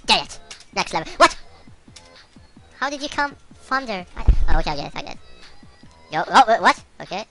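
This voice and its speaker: A woman commentating a video game she is playing, excitable and shouting curses at it. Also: mid-range voice, quick pace, long pauses, faint music behind. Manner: excitable, yells and swears at the game. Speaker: let's-play gamer.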